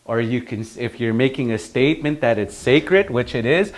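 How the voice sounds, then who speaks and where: A man teaching a class in an easygoing, conversational way. His pitch swings widely as he talks, lively and expressive, and he breaks into laughter now and then. He acts out phrases himself to show his students how they should sound. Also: moderate pace. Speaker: language teacher.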